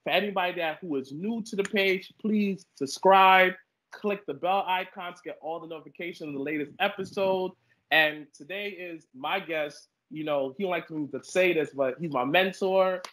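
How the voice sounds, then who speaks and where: A young man with a slightly raised pitch hosts a relaxed podcast interview. He talks in loose slang and tells his stories with an animated, laughing energy. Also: normal speed, poor audio. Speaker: podcast host. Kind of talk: casual interview chat.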